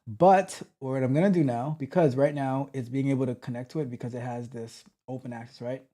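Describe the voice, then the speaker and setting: Thinking aloud as he coaches through a live coding session, this man speaks with a warm, mid-range voice and fairly even intonation. He makes halting restarts and lets sentences trail off.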